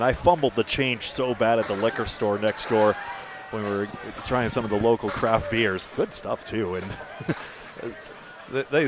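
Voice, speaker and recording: A man's voice: on the low side, background noise. A man giving live bowling commentary, chatty and self-deprecating, with asides between frames.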